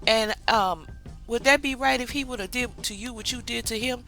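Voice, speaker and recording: Chatty woman doing a show recap, bright voice, acts out everyone's lines, calls you child. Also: fairly high pitch, normal speed, faint music behind, poor audio. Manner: chatty, animated storytelling, acts out quoted lines; drawling colloquial speech, calls the viewer 'child'. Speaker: TV show reviewer. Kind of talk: casual recap vlog.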